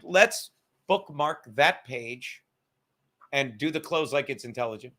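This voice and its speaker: A man's voice: a little high, very animated, measured pace, pushed and bright. A man hosting a podcast, rambling casually from his apartment, swearing and joking. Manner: profane, joking, reads aloud from a book. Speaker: podcast host.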